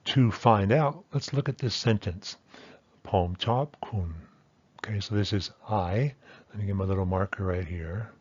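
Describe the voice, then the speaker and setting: A man teaches a language lesson at a whiteboard, patiently explaining pronunciation and sounding out example words one by one. His voice is fairly low and darkish with a breathy edge, and the highs are cut off.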